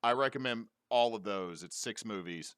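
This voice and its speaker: A young adult man with a lowish voice talks over a dry call mic from home. He recommends films with eager, joking enthusiasm, and his delivery stays loose and casual. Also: moderate pace, a bit bright, smooth, dry recording. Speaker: podcast co-host. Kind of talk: casual chat. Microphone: remote call mic.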